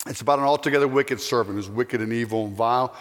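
A man's voice: medium pitch, quick pace, in a large hall. A man telling a parable as a chapel sermon, with dramatic, swelling delivery. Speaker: chapel speaker. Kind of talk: sermon storytelling.

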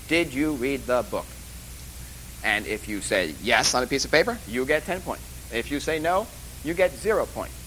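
A man's voice: on the high side, bright, forceful tone, a little hiss or hum, low-quality recording. A man lecturing a class at a course orientation, rambling and joking with emphatic asides. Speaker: college instructor.

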